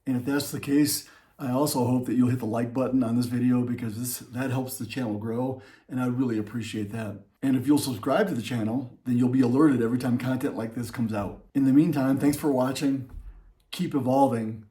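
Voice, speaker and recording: A man working as a leadership coach, giving a calm, measured motivational talk to the camera. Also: medium pitch.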